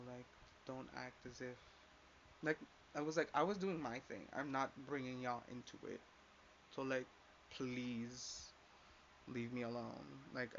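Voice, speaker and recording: A young vlogger tells a story as a casual rant, swearing often, speaking emphatically and saying "like" constantly. His medium-pitched voice has vocal fry and a fairly bright tone, and the recording is slightly dull and lo-fi with faint hiss.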